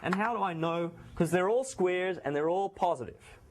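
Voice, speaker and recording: A man's voice: high voice, moderate pace, noisy background. A man giving a university math lecture in a classroom, his voice a little sore, talking in a loose conversational way with frequent restarts. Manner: conversational, restarts and self-corrections. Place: lecture hall.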